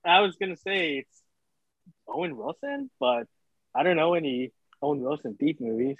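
A man's voice: on the high side, lively intonation, normal speed, gravelly, no room sound. Hesitant man on dull lo-fi audio. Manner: hesitant, searches for words with many ums. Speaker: podcast guest. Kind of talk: casual podcast chat.

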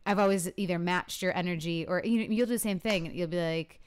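Chatty woman with a smooth voice. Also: fairly low pitch, quick pace. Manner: chatty, laughs often, acts out quoted lines. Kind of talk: casual chat.

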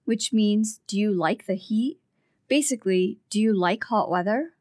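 A woman co-teaching a language lesson, explaining phrases in a measured, patient way. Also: mid-range voice, mellow, dry recording, clean studio sound.

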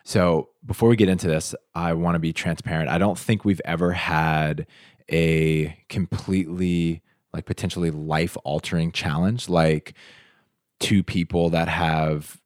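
A man's voice: low voice, fairly even intonation, measured pace, no echo, clean studio sound. A man from the United States co-hosting a podcast, talking in an upbeat, casual way straight to his listeners. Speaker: podcast co-host.

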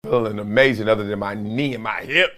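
A man's voice: on the low side, brisk, fairly bright tone. A man in his forties hosting a solo sports talk show, telling stories with playful impressions and laughs. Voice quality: voice gets strained easily. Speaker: host. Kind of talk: animated solo sports commentary.

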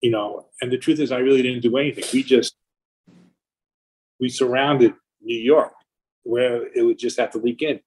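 A middle-aged man with a husky, mid-pitched voice spins long stories about his career in a casual interview. He swears freely and keeps talking in an animated, rambling way. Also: moderate pace, pauses often, poor audio. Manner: profane, animated anecdotes. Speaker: record label founder.

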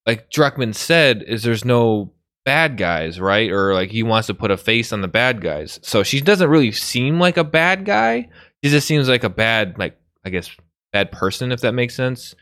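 A young man co-hosting a casual podcast chat, animated and laughing often as he goes off on tangents. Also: medium pitch, moderate pace, no echo, studio quality. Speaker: podcast co-host.

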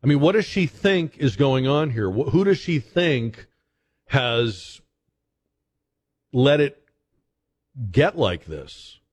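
A man hosting a talk radio show, commenting in a conversational, halting way with frequent fillers and restarts. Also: mid-range voice, very animated.

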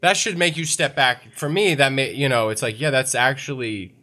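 Man, earnest discussion voice, mid pitch. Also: moderate pace, bright, forceful tone. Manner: earnest, thinks aloud with restarts. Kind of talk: casual discussion.

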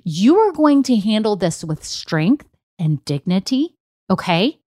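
A woman's voice: mid-range voice, unhurried, no echo, studio quality. A young adult woman hosting a business podcast in an upbeat, emphatic way. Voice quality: bubbly, emphatic, animated. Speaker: podcast host.

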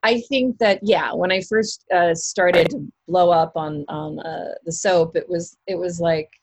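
A woman with a low, gravelly, slightly husky voice talks through an interview in a loose, rambling way, full of fillers and restarts. The sound is dry and close. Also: steady tone, measured pace, a little mellow, no room sound. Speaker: actress guest. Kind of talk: casual interview chat.

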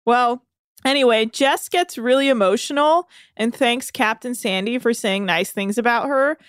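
A woman's voice: a little high, no room sound, studio quality. A woman co-hosting a podcast, animatedly recapping a show in casual chat. She swears freely. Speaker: podcast co-host.

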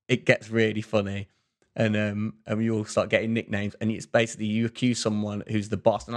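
A man co-hosting a relaxed podcast, rambling through a story with lots of restarts and fillers. His voice sits on the low side. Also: fairly quick. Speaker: podcast co-host. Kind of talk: casual chat.

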